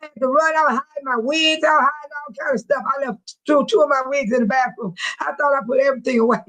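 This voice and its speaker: A woman's voice: high-pitched, steady tone, fast, a bit bright, low-quality recording. A woman in her sixties hosting a livestream in casual chat, talking bluntly and telling stories with frequent laughs. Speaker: livestream host speaking to viewers.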